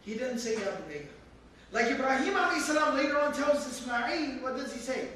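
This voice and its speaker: A man's voice: very high-pitched, a little fast, pushed and bright. A man teaching a religious lesson, explaining words one at a time, and repeating phrases for emphasis. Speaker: teacher explaining Quran verses. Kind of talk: religious lecture. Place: mosque hall. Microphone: handheld camera from across the room. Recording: echoey hall from far off, faint room noise.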